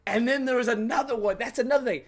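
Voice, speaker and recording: A man hosting his channel, telling a profane, animated story in a casual rant, laughing and acting out his own reactions. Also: very high-pitched, fast. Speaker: channel host.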